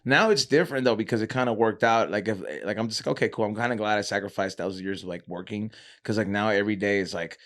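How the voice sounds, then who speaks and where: A young man with a somewhat low voice tells loose, rambling stories in relaxed podcast chat. His talk is packed with "like," restarts and swearing, and he laughs often as he goes. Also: quick pace, hardly any pauses. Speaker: podcast guest, cannabis show host. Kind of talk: casual storytelling chat.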